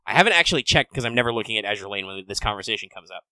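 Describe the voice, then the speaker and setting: A man co-hosting a podcast, talking in a relaxed, casual way with many fillers. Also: on the low side, rapid-fire, no echo, poor audio. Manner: relaxed, filler-heavy gamer talk. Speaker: podcast co-host. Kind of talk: casual chat.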